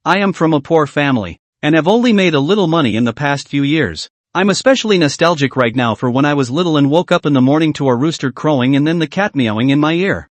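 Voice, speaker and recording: A man's voice: on the high side, fast talker, few pauses, no room sound. A man narrating a scripted comic story recap, reading every character's lines in his own voice. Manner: reads all dialogue in one lively voice.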